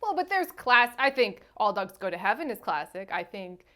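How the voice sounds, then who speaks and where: A woman's voice: medium pitch, sing-song, normal speed, bright, forceful tone. A woman co-hosting a casual movie review podcast, chatty and often acting out quotes. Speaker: podcast co-host.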